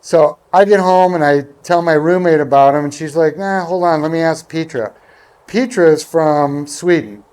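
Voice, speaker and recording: Man, slightly high voice, casual storytelling, rambling, quotes people in voices. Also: normal speed, a little mellow, smooth. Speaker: guest golfer. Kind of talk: casual anecdote telling.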